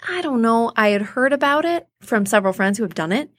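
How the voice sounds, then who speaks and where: Here a thirtysomething woman who works in theater tells stories in a casual interview, her voice on the high side and her delivery brisk. She brings the people she quotes to life by acting out their voices with real animation. The audio is dry and studio quality.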